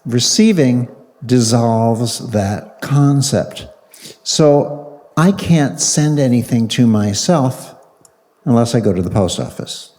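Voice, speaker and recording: Man with a low mellow voice walking an audience through an exercise, slow and coaxing, long hall echo. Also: expressive. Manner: coaxing, playful, repeats short commands. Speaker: speaker on a panel. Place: large hall with a live audience. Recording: long reverb of a large hall.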